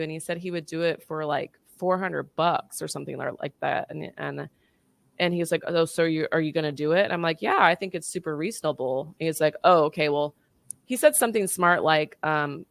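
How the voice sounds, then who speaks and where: A woman's voice: deep voice, brisk, vocal fry, no room sound. A woman in her thirties telling a personal story in casual chat, acting out the voices in the dialogue she quotes. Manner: animated, acts out quoted dialogue.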